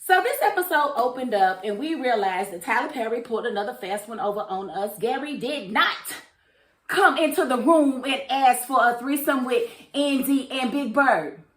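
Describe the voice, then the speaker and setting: Sassy woman reviewer, voice sitting a little high, echoey room. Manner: chatty, sassy, animated, with quick quoted asides. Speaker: TV episode reviewer. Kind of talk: casual recap and commentary.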